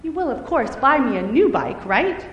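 A woman voicing an upset little girl who whines and pleads in a high, wailing voice. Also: very animated, moderate pace, highs cut off, a little hiss or hum. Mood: pouting. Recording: echoey hall with faint ambience.

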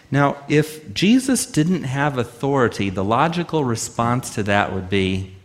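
A man preaching a sermon as pastor, emphatic, full of rhetorical questions and slow, drawn-out phrases. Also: medium pitch, big pitch swings.

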